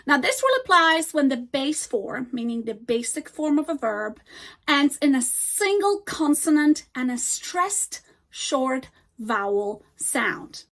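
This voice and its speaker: A high-pitched woman gives a scripted English grammar lesson. She slows right down to model each example word with care. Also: very animated, a bit bright. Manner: slow, deliberate modeling of example words. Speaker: English teacher.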